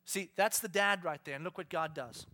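A middle-aged man preaching a sermon, animated, acting out quotes with raised and shouted voices. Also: high voice, moderate pace. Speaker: pastor.

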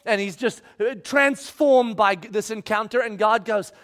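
A man preaching a sermon, acting out Bible voices and swinging from loud pleas to hushed, near-whispered lines. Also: sits high, normal speed. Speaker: pastor.

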